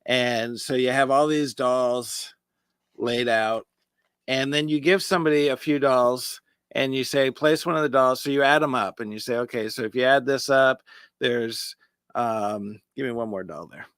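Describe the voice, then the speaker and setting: A man's voice: medium pitch, moderate pace, a bit bright, clean tone, dry recording. Man, magic show co-host, casual explainer, counts aloud, dry recording. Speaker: podcast co-host. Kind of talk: casual chat about magic tricks.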